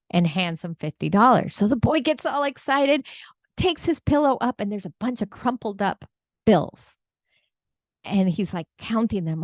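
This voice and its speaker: A woman's voice: medium pitch, animated, moderate pace, no echo, clean studio sound. A middle-aged woman coach giving a teaching talk in an earnest, conversational way, often checking in with "right?". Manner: earnest, conversational, tag questions. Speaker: real estate coach.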